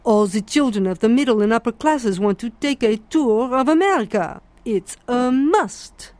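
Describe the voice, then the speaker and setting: A woman voicing a scornful, opinionated middle-aged Frenchman, speaking slowly and emphatically with sarcasm. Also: very high-pitched, lively intonation, darkish tone, no room sound, pitched above the performer's own voice. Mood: sarcastic.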